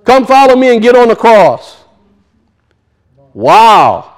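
High-voiced man preaching a sermon. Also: very animated, slow. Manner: emphatic preaching with rhetorical questions and colloquial asides. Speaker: pastor.

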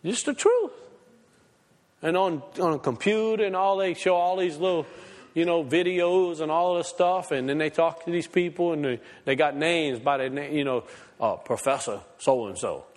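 A man preaching a sermon, swinging from fired-up, high exclamations to low, quiet asides. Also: normal speed. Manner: impassioned, swings from shouting highs to low asides. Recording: long hall reverb.

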